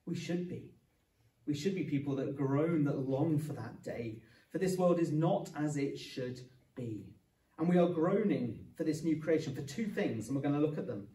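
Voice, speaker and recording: A man's voice: on the high side, animated, moderate pace, mellow. A man preaching an evening sermon, earnest and explanatory, with touches of light humour. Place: church hall. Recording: echoey church room from a distance.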